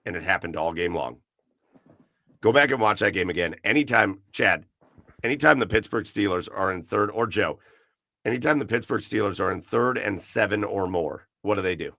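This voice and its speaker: Gravelly bright-voiced man ranting sports. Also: sits low, a little fast, no echo. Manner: animated, swears, rants. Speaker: podcast host. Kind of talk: casual sports chat. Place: garage.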